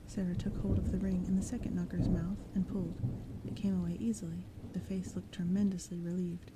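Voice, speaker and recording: Soft-spoken woman reading an audiobook. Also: lowish voice, a little fast, heavy background noise. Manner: gentle, calm, slips into whispers. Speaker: audiobook reader. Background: thunderstorm sounds.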